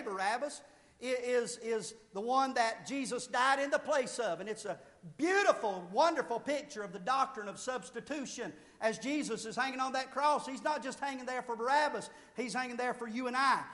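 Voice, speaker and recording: Casting: male preacher, very high voice, fervent delivery that rises to shouts, sermon in a reverberant hall. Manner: fervent preaching, swelling to loud shouted peaks then dropping low. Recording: long reverb of a large hall.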